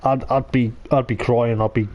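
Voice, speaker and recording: A man giving live commentary on an online racing league, excitable and repetitive, laughing often, his voice going hoarse. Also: mid-range voice, normal speed, dull audio. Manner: excitable, repeats "I tell you what", laughs often. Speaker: race commentator.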